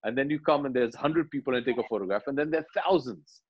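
A man, animatedly retelling film scenes in an interview and quietly acting out the lines. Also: medium pitch, fast talker, husky, lo-fi sound. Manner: animated storyteller, acts out dialogue lines quietly. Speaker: actor, interview guest.

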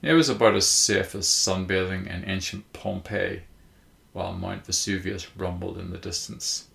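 A man narrating a short story in a measured, even storytelling manner. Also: sits low, creaky. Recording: roomy echo.

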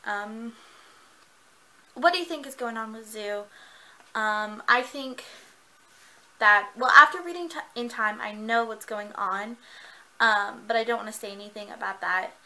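A young woman reviewing a book in a casual vlog. She talks in a gushing, excitable way and laughs often. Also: medium pitch, rough recording.

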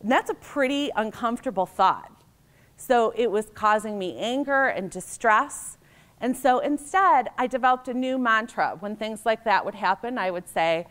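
A woman's voice: a little high, normal speed, a bit bright. Middle-aged american lady giving a keynote, chatty, tells stories and does little voices for people. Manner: anecdotal, conversational, acts out quoted voices. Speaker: keynote speaker. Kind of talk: conference keynote storytelling.

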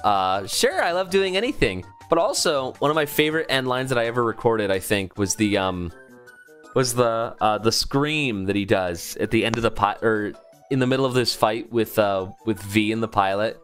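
A man's voice: on the low side, moderate pace, a bit bright, faint music behind. A man, a voice actor, chatting casually on a livestream in a playful, rambling way with lots of fillers. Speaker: voice actor streaming.

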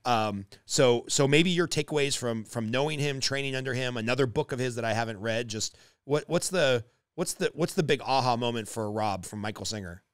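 Male podcast host, curious, rambling, smooth clear voice, dry sound. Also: mid-range voice, a little fast, no room sound. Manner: curious, rambling, builds up to his question. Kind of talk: interview questions.

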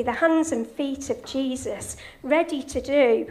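Speaking at a moderate pace with few pauses, a woman whose high voice has a darkish tone leads a children's quiz and talk at church. She sounds a bit breathless but stays upbeat and encouraging as she tells a story.

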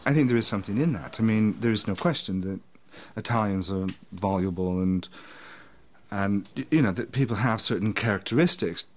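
Male writer, low voice, reflective, faint hiss. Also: a little fast. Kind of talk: interview.

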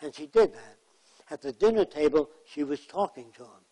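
A plainspoken man gives a lecture full of anecdotes. His voice sits fairly high for a man. He acts out the people in his stories. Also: expressive, moderate pace, dark tone, low-quality recording. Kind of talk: storytelling lecture.

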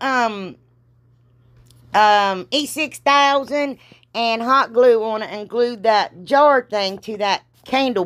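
A woman's voice: a little high, a bit bright. A middle-aged woman with a Southern accent, congested from allergies, rambling through a crafting tutorial with folksy exclamations and self-deprecating jokes. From Ohio, US. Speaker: crafting vlogger. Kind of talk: casual crafting tutorial chat.

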